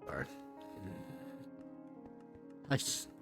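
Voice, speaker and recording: A man's voice: drawn-out words, over music. Casual chatty male game streamer. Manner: chatty, talks to himself while playing, offhand jokes. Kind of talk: casual live gameplay commentary.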